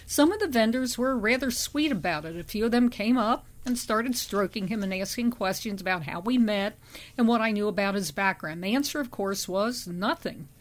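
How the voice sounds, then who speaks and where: A woman narrating a first-person memoir audiobook in a steady, measured reading voice. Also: mid-range voice.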